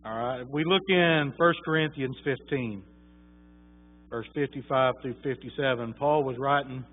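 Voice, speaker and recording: A man's voice: medium pitch, normal speed. A man preaching a sermon, telling a story in a folksy, conversational way with many fillers. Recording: tinny phone-like sound.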